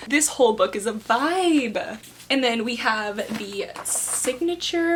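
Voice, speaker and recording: A woman in her twenties chatting casually while unboxing book subscription boxes, rambling with lots of fillers and bursts of excitement. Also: sits high, measured pace, a little hiss or hum.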